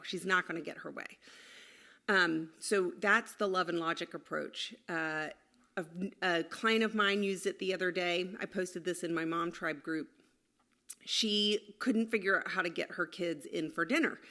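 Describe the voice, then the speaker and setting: A woman's voice: on the low side, normal speed, fairly bright tone. A woman in her forties, a parenting coach, talking casually to camera and acting out kids' snippy replies. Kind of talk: casual advice talk to camera.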